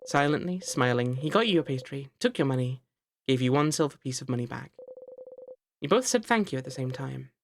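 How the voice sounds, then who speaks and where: Low-voiced woman narrating a game. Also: expressive, a little fast, a little hiss or hum. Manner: reads game text aloud expressively, with playful asides. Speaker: streamer. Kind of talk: voice-acted game playthrough narration.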